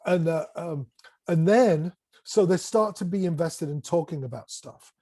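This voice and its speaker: A man telling classroom stories in an animated way, swearing casually and acting out what people said. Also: fairly high pitch, a little slow, no room sound. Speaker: guest, music educator. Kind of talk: casual conversation, storytelling.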